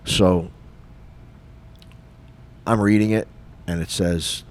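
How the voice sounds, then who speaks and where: A middle-aged retired police officer co-hosting a podcast, telling a story in a lively, casual way and acting out the dialogue. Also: male voice, low voice, normal speed. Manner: animated, acts out dialogue, frequent fillers.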